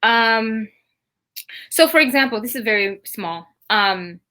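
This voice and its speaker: A woman's voice: a little high, lively intonation, slow, sharp tone. A young woman from Kenya with a Kenyan accent touched by British and American ones, talking casually in an interview and laughing often. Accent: Kenyan with British, Southern US and Seattle traces. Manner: chatty, laughs often, acts out quoted voices. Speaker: guest.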